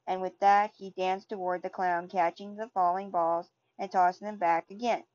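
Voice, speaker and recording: A woman reading a children's storybook aloud in steady, plain narration. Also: lowish voice, moderate pace, dry recording, highs cut off. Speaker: storybook reader.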